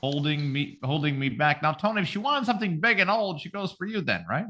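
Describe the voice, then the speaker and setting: Male comedy podcast co-host, bright voice, crude joker, lively delivery. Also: fairly high pitch, fairly quick. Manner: joking, crude, laughs a lot. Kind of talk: casual comedy podcast banter.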